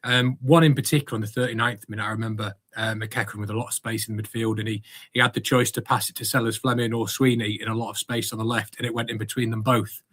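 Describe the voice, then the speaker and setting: Fast-talking man analysing a football match. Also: lowish voice, little pitch movement, fairly bright tone. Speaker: podcast co-host. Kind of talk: casual football podcast chat.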